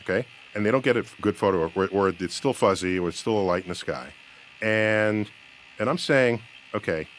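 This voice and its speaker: A man's voice: on the low side, normal speed, slight background noise. A man in a recorded discussion, arguing emphatically and restarting his sentences as he reasons aloud. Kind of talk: spoken debate.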